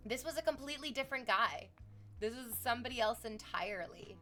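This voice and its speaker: A woman's voice: a little high, lively intonation, fast talker, bright, forceful tone, soft background music. A young woman streaming from Canada, chatting with viewers in a rambling, sarcastic and profane way. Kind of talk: casual stream chat.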